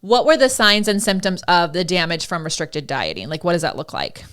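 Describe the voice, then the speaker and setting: Smooth-voiced woman podcast host, chatty. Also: lowish voice, animated, brisk, fairly bright tone. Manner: candid, chatty, laughs easily. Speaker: podcast host, Pilates instructor. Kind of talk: casual conversational interview.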